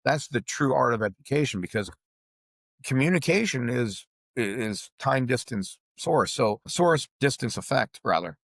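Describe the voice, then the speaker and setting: A man with a Boston accent, a golf coach explaining ideas in an animated way on a podcast over a video call. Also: medium pitch, normal speed, no echo. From Boston area, USA.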